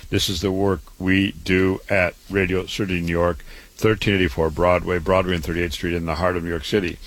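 Deep-voiced man promoting a clinic. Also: level tone, a little fast, fairly bright tone. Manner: repetitive, listing. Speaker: doctor promoting his clinic. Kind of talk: promotional health talk.

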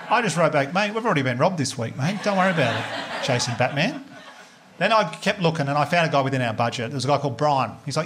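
An Australian man in a stand-up comedy set, with a voice sitting a little high for a man. He tells the story with lively swearing and acts out other people's voices with sudden high leaps. There is a clear layer of noise in the recording. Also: quick pace. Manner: animated, swearing, acts out quoted voices with big jumps up in pitch.

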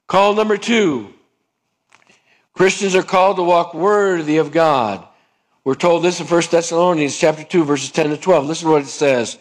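A man preaching a sermon with a somewhat high-pitched voice. He asks the congregation questions and calls for an amen. He acts out everyday dialogues in shifting voices. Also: normal speed. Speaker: pastor.

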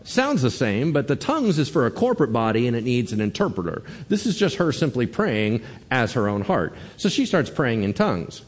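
Male pastor preaching, husky voice, swings up and down a lot, acts out quotes, long hall reverb. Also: mid-range voice, fairly quick, hardly any pauses. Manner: animated storytelling, acting out quotes. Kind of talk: sermon.

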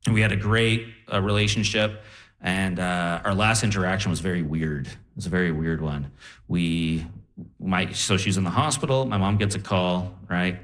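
A young man doing a stand-up set on a live stage, telling animated stories and quoting people in voices. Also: deep voice, normal speed. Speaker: stand-up comedian.

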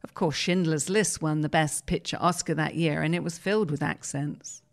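A woman, reading newspaper articles aloud on the radio in a steady, measured way. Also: low-pitched, vocal fry. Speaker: radio reader.

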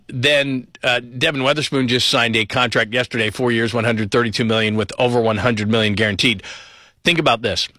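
A man giving an enthusiastic solo sports commentary, rattling off players and stats with animated emphasis. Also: dry recording, clean studio sound. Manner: fast, enthusiastic rundown of names and stats; animated, pitch rises on key points.

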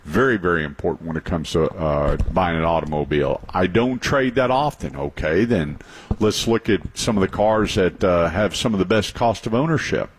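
A man's voice: low voice, normal speed, slight background noise. A man hosting a radio talk show about cars, chatty and emphatic, telling stories with repeated points. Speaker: radio show host, car advisor.

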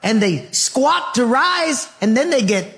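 A man's voice: very high-pitched, very animated, a little slow, creaky, a bit bright, voice pushed up, full character voice. A man voicing a folksy, good-humored male ranch cook with a homespun rural American drawl. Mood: joking.

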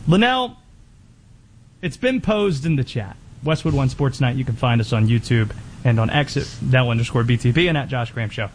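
A man hosting a sports talk radio show, teasing his co-host and setting up questions in a measured way. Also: mid-range voice, animated, slight background noise.

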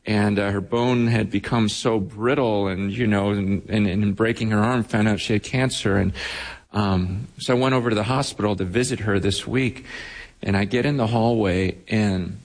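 A man's voice: lowish voice, steady tone, normal speed. A man preaching a sermon as pastor, telling stories with emotion and frequent restarts. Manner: storytelling, emotional, many restarts. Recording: long hall reverb.

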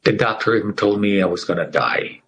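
A man's voice: on the low side, a little fast, a bit bright, slight background noise, low-quality recording. A middle-aged man telling his survival story with earnest feeling, acting out the people he quotes. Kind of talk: emotional personal testimony.

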